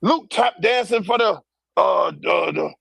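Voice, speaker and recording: High, gravelly, fiery man ranting. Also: measured pace, a bit bright, no echo. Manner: fiery, profane, repeats rhetorical questions. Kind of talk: heated political rant.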